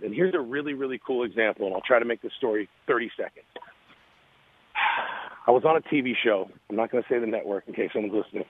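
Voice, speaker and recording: An earnest man telling a story in an animated way, his voice squeezed through a tinny phone line. The sound is dry and close. His pitch sits in an ordinary middle range. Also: breathy edge, no echo. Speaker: guest. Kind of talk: radio interview, storytelling.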